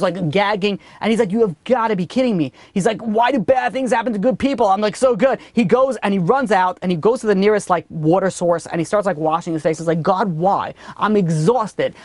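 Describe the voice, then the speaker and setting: Animated rabbi telling stories, dry sound. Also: male voice, high-pitched, no room sound. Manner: animated storyteller acting out characters. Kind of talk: Torah lesson with storytelling.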